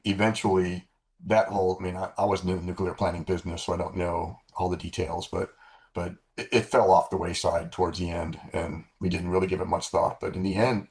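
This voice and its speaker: Gravelly older man telling war stories. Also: sits low. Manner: relaxed anecdotes with frequent restarts and profanity. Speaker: former fighter-bomber pilot, guest. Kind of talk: casual storytelling interview.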